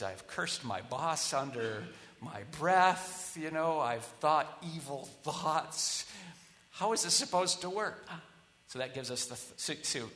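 A man preaching a sermon as pastor, talking casually, with quiet asides and loud rallying builds. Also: mid-range voice. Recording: long hall reverb.

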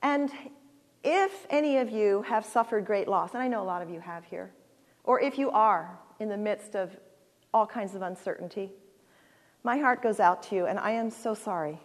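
Speaking from a church sanctuary as a guest, a medium-pitched woman in her sixties shares something personal and heartfelt, stopping and restarting as she goes. She is earnest throughout and ends with a prayer, all carried on the long echo of a big church hall.

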